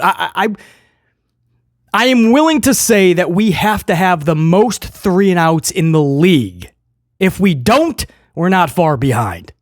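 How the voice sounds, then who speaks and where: Animated sarcastic football fan reviewer. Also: mid-range voice, no room sound, clean studio sound. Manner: sarcastic, joking and exasperated. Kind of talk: casual sports review monologue.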